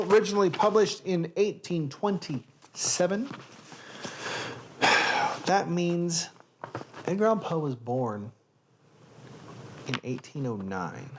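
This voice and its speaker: A Southern-accented host talks to viewers at an unhurried, drawn-out pace. The chat rambles and keeps getting sidetracked before it drifts back to reading aloud. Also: medium pitch, lively intonation. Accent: American Southern. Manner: rambling, easily sidetracked, chatty; sips bourbon between readings. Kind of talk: casual chat and poetry reading.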